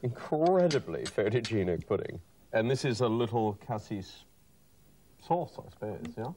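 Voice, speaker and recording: A man's voice: fairly low pitch, lively intonation, normal speed, mellow. A man hosting a cooking contest, judging dishes and presenting results in a genteel, wordy, playful way. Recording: TV studio recording with faint room sound.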